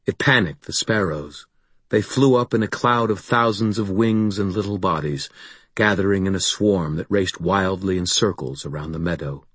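A man reading first-person fantasy audiobook narration in a measured, deliberate storytelling manner. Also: sits low, a bit bright, husky, no room sound.

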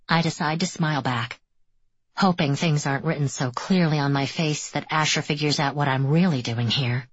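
A woman narrating an audiobook in the first person, with measured, immersive reading. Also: low-pitched, breathy edge, no echo, muffled recording.

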